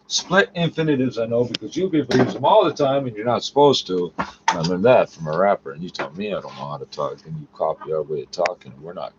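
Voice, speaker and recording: A man's voice: lowish voice, noisy background. Profane man stumbling through French aloud. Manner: profane, argumentative, mutters asides under his breath; reads French haltingly, stopping to correct himself. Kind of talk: casual solo recording, reading French aloud and commenting. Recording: dull lo-fi recording with faint music. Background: faint music.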